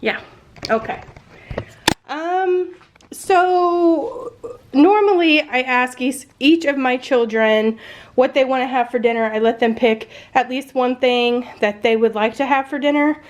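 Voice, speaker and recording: Stuffed-up mom vlogging from home, kinda high voice, rambling and self-deprecating. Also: female voice, measured pace. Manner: chatty, many ums, self-deprecating. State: congested. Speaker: family vlogger. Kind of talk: casual chat to camera.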